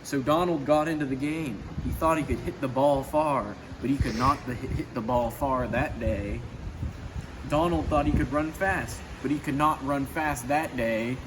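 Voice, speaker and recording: Against a noisy background, a man with a mid-range voice reads a children's storybook aloud at a moderate pace, chatting casually about the pictures and stumbling a little here and there.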